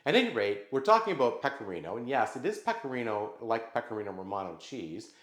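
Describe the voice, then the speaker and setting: A man's voice: medium pitch, big pitch swings, quick pace. A man hosting his own vlog, explaining wines to the camera in a casual, conversational way. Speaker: vlog host. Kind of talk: casual talk to camera about wine. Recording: echoey room.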